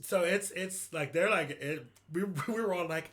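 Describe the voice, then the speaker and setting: A man co-hosting a podcast, chatting casually and telling stories with lively, acted-out asides. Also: sits high. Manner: animated, quick storytelling with expressive quoted asides. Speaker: podcast co-host. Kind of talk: casual chat.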